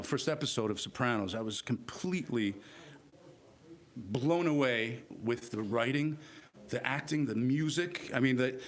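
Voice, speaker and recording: A man born in Italy and raised in New Jersey, an actor telling stories in a casual chat, repeating words and acting out quotes. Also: medium pitch. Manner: rambling, repeats words, animated quoting. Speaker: actor guest.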